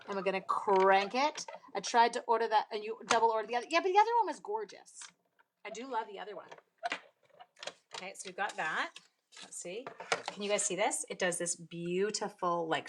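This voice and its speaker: A woman from Canada chats in a medium-pitched voice over a noisy background during a live-stream card-making demonstration. Bubbly and casual, she greets her viewers from her home craft room.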